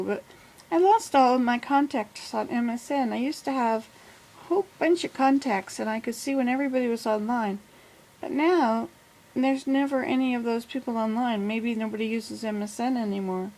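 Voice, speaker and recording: Speaking from her southern US home into a plug-in computer microphone, an older woman vlogger gives a friendly, meandering update in a slightly high voice with a darkish tone. She frequently corrects herself, and the recording quality is rough.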